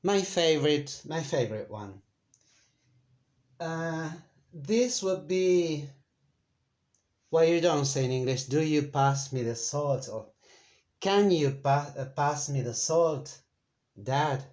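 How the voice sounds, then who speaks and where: Slow-spoken male teacher. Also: a little high, lively intonation, darkish tone. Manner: unhurried, thinking aloud with many fillers and self-corrections. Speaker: Spanish teacher. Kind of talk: explaining a lesson, casual.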